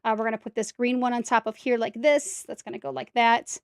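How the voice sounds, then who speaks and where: A woman's voice: on the high side, flat delivery, brisk, smooth, no echo, studio quality. A woman streaming herself building a brick set, chatting casually to viewers and talking to herself as she corrects mistakes. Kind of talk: casual step-by-step build commentary.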